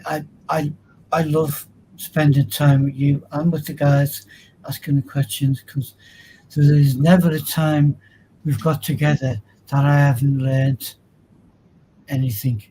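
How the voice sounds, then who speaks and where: Slow, mellow-voiced male guest. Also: a little high, little pitch movement, a little hiss or hum, low-quality recording. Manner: slow, appreciative, earnest. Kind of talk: casual chat.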